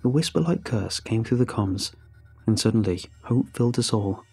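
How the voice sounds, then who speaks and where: A man narrating a horror story in a steady, grave storytelling voice. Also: fairly low pitch, moderate pace, gravelly, breathy edge, soft background music.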